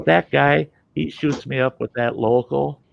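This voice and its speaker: A man casually telling a story in a profane, animated way and acting out the people in it. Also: medium pitch, unhurried, vocal fry, highs cut off, noisy background.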